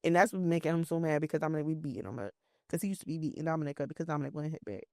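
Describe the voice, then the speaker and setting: A woman's voice: deep voice, very fast, no echo, studio quality. A woman in her thirties chatting casually as a podcast co-host, telling family stories and acting out what people said. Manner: animated storyteller, acts out quotes in lively voices. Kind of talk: casual chat.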